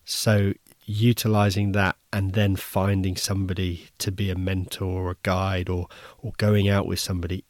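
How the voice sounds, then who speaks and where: A man's voice: low voice, flat delivery, normal speed, a little mellow, no room sound, studio quality. A man hosting a podcast, telling a story in an easygoing, wry way, often restarting his sentences. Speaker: podcast host. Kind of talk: casual first-person storytelling.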